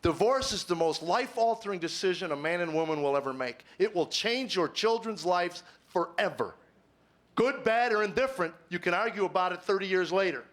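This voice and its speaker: A middle-aged man doing confessional stand-up on stage before a live audience. He talks earnestly, stammers over repeated words, and swings between quiet musing and emphatic, preacher-like points. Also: high voice, expressive, brisk. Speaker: comedian.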